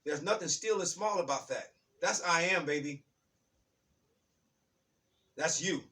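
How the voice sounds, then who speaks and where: Fired-up preachy man, high and bright. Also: measured pace, distant mic. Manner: fired up, preachy, shouts for emphasis; repeats key lines. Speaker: motivational speaker. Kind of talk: impassioned spiritual talk.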